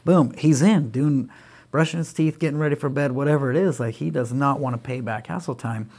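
A man's voice: medium pitch, a little fast. A middle-aged man speaking as a podcast guest, telling parenting stories and acting out what he says to his kids. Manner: animated, acts out quoted dialogue with his kids. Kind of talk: conversational storytelling.

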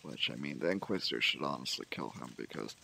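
A man's voice: a bass voice, lively intonation, fast, creaky, pushed and bright, a little hiss or hum, low-quality recording. A man casually narrating his own video game play, musing aloud with fillers and trailing off.

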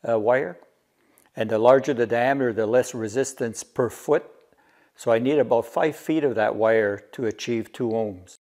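A man's voice: medium pitch, darkish tone. Male DIY maker, mid-range voice, casual show-and-tell, methodical technical explainer.

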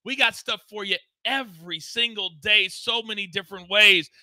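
A man's voice: sits high, moderate pace, pushed and bright, no room sound. A man hosting a live sports betting show, talking in a hyped, teasing, promotional way. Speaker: host.

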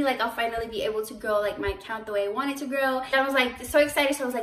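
Chatting rapid-fire with hardly a pause, a young woman vlogs from inside her boutique in a fairly high voice. She tells lively, filler-laden stories, and the distant mic picks her up with plenty of room echo.

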